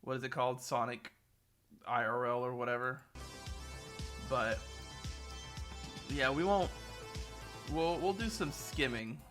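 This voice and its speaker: A man giving casual, rambling reaction commentary as a streamer, quick to sound baffled. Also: medium pitch, music in the background. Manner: chatty, rambling, easily baffled. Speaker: streamer reacting to a game broadcast.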